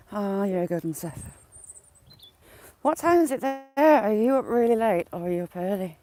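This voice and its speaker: An English woman with a mixed regional accent chats on a cold countryside walk. She hosts a relaxed livestream and greets viewers by name between remarks. Her voice sits at an ordinary middle pitch for a woman, recorded on a handheld phone. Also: measured pace, long pauses. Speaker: livestream host. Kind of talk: casual walk-and-talk livestream.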